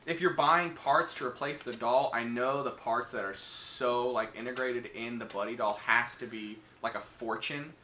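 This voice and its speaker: A man's voice: mid-range voice, fairly even intonation, sharp tone, roomy sound, a little hiss or hum. A man casually recapping a horror movie, rambling and swearing often, with many fillers, and briefly putting on the characters' voices. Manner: rambling, profane, acts out characters in quick voices. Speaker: podcast co-host.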